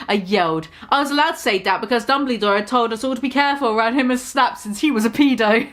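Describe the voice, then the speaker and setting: A woman giving a mock-dramatic reading, deadpan, with occasional laughs. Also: on the high side, fast, few pauses. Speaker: dramatic reader.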